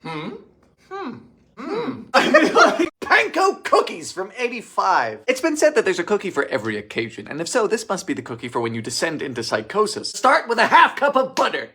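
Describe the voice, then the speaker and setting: A man hosting a comedic vintage recipe cooking show, theatrical and swinging between shouted lines and deadpan mutters. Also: sits high, slight background noise.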